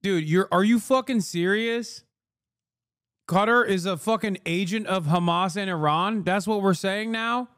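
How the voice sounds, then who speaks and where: A man streaming political commentary, ranting in profane, exasperated, fast bursts with frequent fillers. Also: high-pitched, expressive, a bit bright, no room sound, studio quality. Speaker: streamer reacting to clips.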